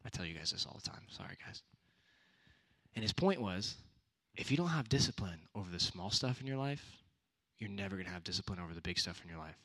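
A man's voice: sits low, lively intonation, brisk, pushed and bright. A young man giving a casual youth sermon, conversational with punchy repeated exhortations. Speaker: youth speaker.

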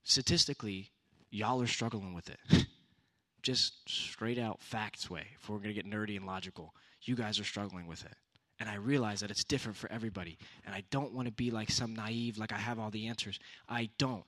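A man's voice: lowish voice, normal speed, pushed and bright. A young man giving a casual youth sermon, conversational with punchy repeated exhortations. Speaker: youth speaker.

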